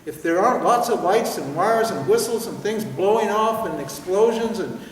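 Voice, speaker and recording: An older man giving a spiritual teaching at a seminar, telling stories in an animated way with laughter and swearing. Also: sits high, normal speed, slight background noise. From United States. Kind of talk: seminar talk. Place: large hall with audience. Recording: echoey hall, voice from far off.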